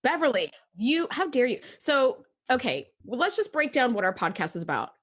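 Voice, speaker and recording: A woman co-hosting a casual podcast chat, her pitch sitting a little high and swinging widely as she talks. She gets animated and acts out the lines she quotes. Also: moderate pace. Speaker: podcast co-host. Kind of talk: casual chat about a TV episode.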